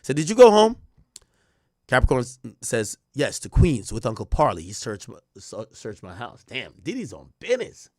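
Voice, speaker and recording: Male streamer, casual commentary, lively swinging pitch, dry close sound, reads testimony and riffs on it. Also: normal speed, few pauses, slightly rough, dry recording. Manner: animated, reads testimony aloud and riffs on it with slang. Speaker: stream host recapping a trial.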